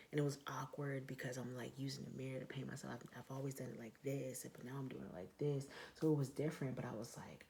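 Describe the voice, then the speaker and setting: Gravelly, blunt-talking woman vlogger. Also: a bass voice, a little hiss or hum. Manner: blunt and profane, lots of fillers; emphatic, rising to loud outbursts. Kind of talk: casual vlog monologue.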